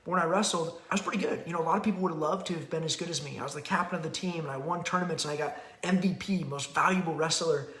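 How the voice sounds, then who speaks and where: A man's voice: a little high, racing, few pauses, fairly bright tone. Rambling man in an echoey room. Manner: rambling, candid, acts out quotes with laughs. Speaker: podcast host and parenting author. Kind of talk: casual rambling talk.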